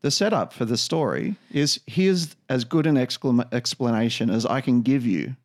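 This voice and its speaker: A podcast co-host talks casually at a moderate pace in a medium-pitched voice. He rambles, restarting sentences often and leaning on plenty of fillers.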